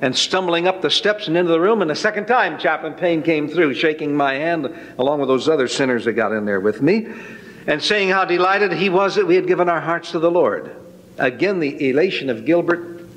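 Folksy male testimony speaker, fairly high voice, long echo of a hall around him. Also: a little fast, fairly bright tone. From Northern California. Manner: folksy, dramatic storytelling. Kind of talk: spoken personal testimony.

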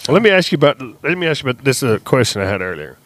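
A man's voice: mid-range voice, very animated, rapid-fire, a bit bright. A man co-hosting a podcast, asking the guest questions in casual talk. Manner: asks questions, short agreeing replies. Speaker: podcast co-host.

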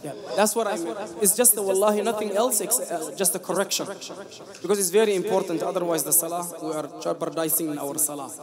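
High-pitched imam, emphatic and repetitive, mosque crowd behind. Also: male voice, fast talker. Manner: corrective, emphatic, repeats points. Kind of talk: sermon. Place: mosque prayer hall with congregation. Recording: crowd heard in mosque hall.

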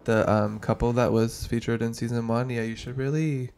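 Male podcast co-host, relaxed storyteller, gravelly fry. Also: medium pitch, moderate pace. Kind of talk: casual storytelling chat.

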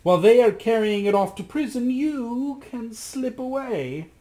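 A man putting on a shrill crafty magician. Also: lively intonation, mellow. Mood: sly gloating. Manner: slow, gloating, sly. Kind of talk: storybook reading.

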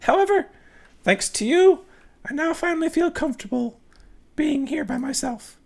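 A man voicing a gracious, overly polite young woman in a high falsetto. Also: lively intonation, normal speed, gravelly, exaggerated voice.

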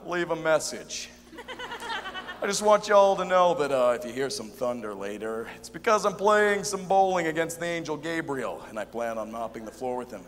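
A man's voice: a little high, big pitch swings, normal speed, a bit bright. A man voicing a friendly, laid-back male God on a voicemail greeting, with an easygoing folksy drawl, in an echoey hall. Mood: breezy.

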